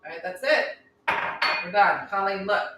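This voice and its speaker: A woman's voice: medium pitch, measured pace. A middle-aged woman hosting a casual morning live stream, reading viewer comments aloud with wry, chatty asides. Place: room at home. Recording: roomy echo, faint room noise.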